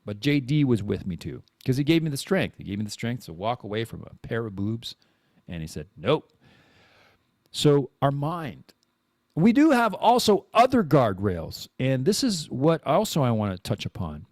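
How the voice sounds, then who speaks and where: A man hosting a live-streamed podcast, talking in a rambling, animated way, restarting and repeating words as he thinks aloud. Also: medium pitch, moderate pace, no room sound, clean studio sound. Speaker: podcast host. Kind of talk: casual live-streamed monologue.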